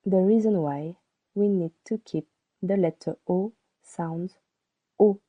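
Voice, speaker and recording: A woman giving a scripted language lesson, speaking slowly and deliberately and repeating each word for learners to copy. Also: lowish voice, warm tone, no room sound. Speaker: French teacher. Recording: dry, tinny phone-like sound.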